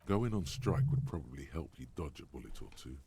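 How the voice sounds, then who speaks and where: A very deep, unhurried game narrator, measured and dry. The audio is captured from a game and carries some noise. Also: male voice, lively intonation, dark tone. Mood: wry.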